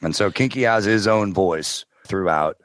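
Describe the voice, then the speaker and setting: Man, very low voice, dry close mic, relaxed storyteller, podcast guest. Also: measured pace, dry recording. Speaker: podcast guest, audiobook narrator. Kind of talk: casual interview chat.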